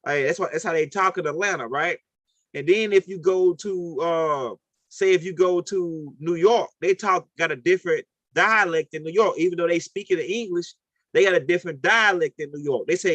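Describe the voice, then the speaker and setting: A man's voice: a little high, moderate pace, fairly bright tone, dry recording. Rambling New Orleans man lecturing. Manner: rambling, repetitive, with frequent "right?". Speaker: host of a call-in talk. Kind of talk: casual lecture.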